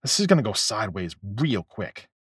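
A man's voice: lowish voice, very animated, normal speed, husky, dry recording, pitched below the performer's own voice, heavily acted. Man voicing blunt warehouse veteran, matter-of-fact, wary, dry close sound.

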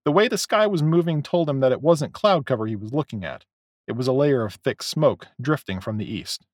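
A man reads a novel aloud in measured, expressive storytelling. His mid-pitched voice moves with a lively rise and fall, recorded close and dry with no room sound. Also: dry recording. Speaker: audiobook narrator. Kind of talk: scripted narration.

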